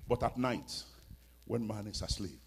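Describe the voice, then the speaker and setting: A male preacher telling stories in a sermon, dramatic and swinging between hushed and loud. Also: lowish voice, expressive, measured pace, husky. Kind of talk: storytelling sermon.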